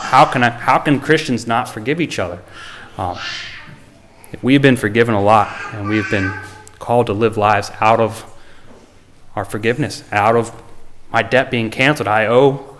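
A man's voice: fairly low pitch, a little hiss or hum. A man preaching a sermon, reading scripture aloud and then talking plainly and earnestly, with frequent ums and restarts, before closing in prayer. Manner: reads scripture aloud in old-fashioned wording.

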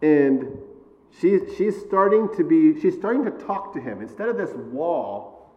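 Conversational preacher with a slightly raised pitch. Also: male voice, big pitch swings, a little slow. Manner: conversational, frequent "all right?" and "okay?" check-ins; self-deprecating humor. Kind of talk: sermon. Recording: long reverb, dull lo-fi sound.

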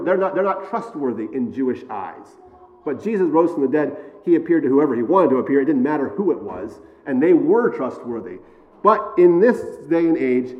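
A man preaching a sermon in a loose, conversational way, often pausing to ask "all right?" and adding self-deprecating jokes. His voice sits a little high for a man. The sound is dull and lo-fi, with a long reverb trailing behind him. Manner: conversational, frequent "all right?" and "okay?" check-ins.

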